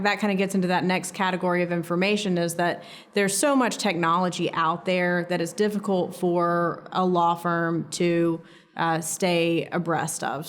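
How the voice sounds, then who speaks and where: Measured woman attorney, lowish voice. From United States. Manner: measured, explanatory, frequent ums and uhs. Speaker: criminal defense attorney, guest. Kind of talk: professional legal education interview.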